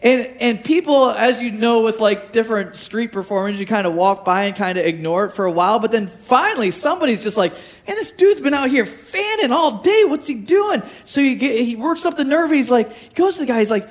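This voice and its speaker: Animated male preacher telling a story. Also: very high voice, brisk, few pauses. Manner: animated storytelling, acts out quoted voices; frequent restarts and repetitions. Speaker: pastor. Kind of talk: sermon.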